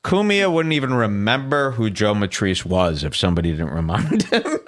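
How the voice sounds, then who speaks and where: A man's voice: on the low side, big pitch swings, normal speed. A man hosting a podcast, giving casual, mocking commentary over a clip and laughing often. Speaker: podcast host.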